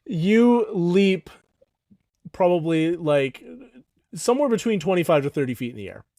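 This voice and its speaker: Man, dungeon master, animated, quick bursts, fairly high voice, dry sound. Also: no room sound. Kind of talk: narrating a tabletop game.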